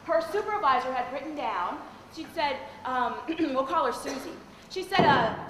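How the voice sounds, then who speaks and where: A woman with a high, very lively voice leading a corporate training session, teasing and quizzing her audience. She is recorded in a large, echoey event hall with a long reverb. Faint background noise sits under the voice. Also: moderate pace. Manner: animated, humorous, quizzes the audience. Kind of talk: live seminar talk.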